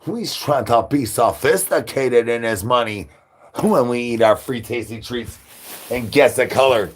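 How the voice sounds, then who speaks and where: A man hosting a live stream, talking to chat in rapid rhyming nonsense banter. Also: medium pitch. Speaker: livestream host.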